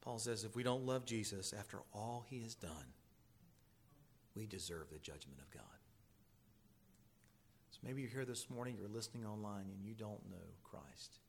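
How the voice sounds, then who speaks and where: A man preaching a sermon as pastor, earnest and pleading, moving between loud emphasis and hushed intensity. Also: lowish voice, animated, normal speed, pauses often, slight background noise.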